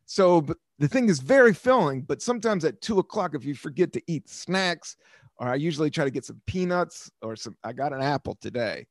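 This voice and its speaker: A podcast host from the United States, a man in his fifties, speaks fairly quickly with a fairly high pitch and lively intonation, in a dry, studio-quality recording. His casual monologue rambles through stories, with plenty of swearing and laughter.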